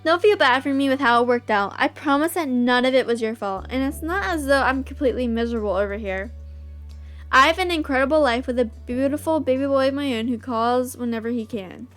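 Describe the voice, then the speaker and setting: A woman voicing a gentle middle-aged mother who soothes her son affectionately over the phone. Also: sits high, a little fast, soft background music. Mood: tender.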